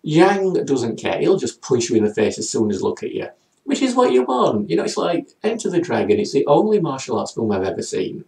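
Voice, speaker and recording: A man's voice: medium pitch, big pitch swings, fairly quick, creaky, a little mellow, breathy edge. A man, giving a comedic comics review in a sarcastic, rambling way.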